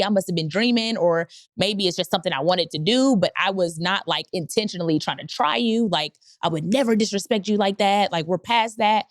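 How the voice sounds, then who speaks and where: A woman podcast host telling a candid personal story, animated and leaping up in pitch when she quotes people. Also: brisk, dry recording, clean studio sound. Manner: animated, jumps high when quoting people.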